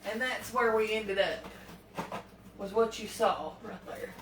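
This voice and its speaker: A woman's voice: medium pitch, takes it slowly, recorded from a distance, very noisy. A woman, chatting casually to viewers as she cooks in her home kitchen, fretting aloud as she fumbles. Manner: folksy, talks to viewers while fumbling and fretting. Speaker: home cooking vlogger. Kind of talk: chatty cooking demonstration. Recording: echoey kitchen from off-mic with clattering pans.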